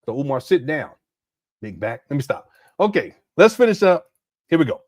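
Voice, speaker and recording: A man's voice: a little high, sing-song, normal speed, a little mellow, no room sound, studio quality. A man in his fifties giving blunt, exclamatory reaction commentary as host, laughing at the clips. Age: 50s.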